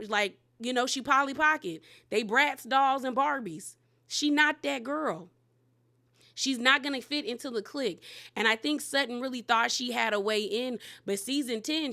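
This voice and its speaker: Brief: woman recap host, blunt and slangy, fairly high, bright and forceful voice. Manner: candid, slangy, emphatic. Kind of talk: casual commentary.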